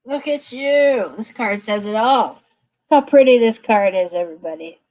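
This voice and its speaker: A woman reads tarot live from her desk in an easygoing, chatty, comforting way, regularly checking in with whoever's listening. Her voice leans high with a darkish tone at normal speed, captured on a rough recording.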